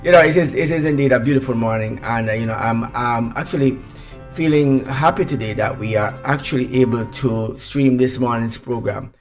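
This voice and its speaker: A man's voice: mid-range voice, moderate pace, soft background music. A man co-hosting a morning web radio health show, talking in a loose, rambling way with repeated phrases.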